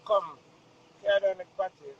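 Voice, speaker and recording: A woman hosting a live stream, relaxed, playful and chatty. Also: medium pitch, moderate pace, muffled recording, slight background noise. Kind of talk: casual live stream chat.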